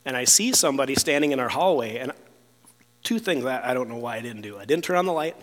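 A man's voice: medium pitch, animated, quick pace, a bit bright, in a large hall. A man telling a personal testimony in casual speech, rambling with many fillers and restarts, sometimes acting out what others said. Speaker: storyteller sharing a testimony.

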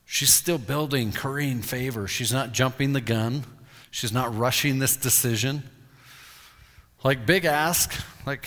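Mid-pitched male preacher in a reverberant hall. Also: a little slow. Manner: storytelling, animated retelling. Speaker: pastor. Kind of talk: sermon.

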